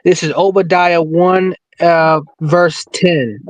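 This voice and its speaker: A man's voice: on the high side, fairly even intonation, takes it slowly, dry recording, rough recording. A man joining a casual stream, talking earnestly and reading a scripture verse aloud. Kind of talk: casual chat.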